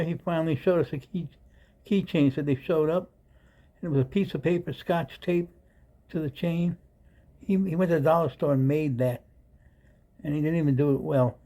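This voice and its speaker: Scornful man with a dark voice. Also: fairly high pitch, rough recording. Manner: scornful, insulting. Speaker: commentator mocking the clip. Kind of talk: sarcastic commentary.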